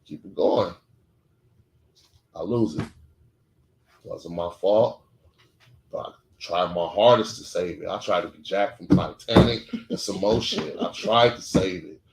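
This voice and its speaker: A man's voice: deep voice, a little slow, vocal fry, pauses often, slight background noise. A man on a podcast telling a personal story in a blunt, profane, emotional way, using short clipped sentences. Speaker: podcast co-host. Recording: echoey room.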